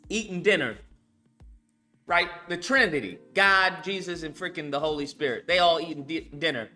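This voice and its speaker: A man's voice: fairly high pitch, moderate pace, sharp tone, faint music behind. A man hosting a reaction commentary, talking bluntly and mockingly with lots of profanity. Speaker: commentary host reacting to a video.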